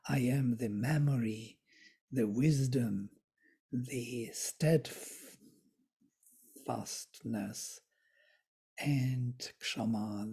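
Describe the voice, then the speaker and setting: A study group teacher reading verses aloud and explaining them word by word, with soft, thoughtful asides and small self-corrections. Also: medium pitch, slightly rough. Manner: recites verses, then glosses them word by word. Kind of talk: slow explanatory reading and commentary on scripture.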